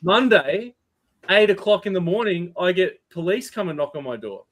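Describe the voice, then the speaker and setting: An Australian man in casual podcast chat, swearing freely as he tells an animated story. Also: sits high, normal speed, noisy background.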